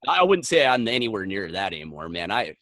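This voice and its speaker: A man's voice: lowish voice, very animated, brisk, fairly bright tone, dry recording. A man with a mid-range voice co-hosting a casual podcast, telling folksy stories with wry jokes. He sounds teasing and down-to-earth. The sound is dry and close. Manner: wry, joking, folksy storyteller. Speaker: podcast co-host. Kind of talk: casual chat, storytelling.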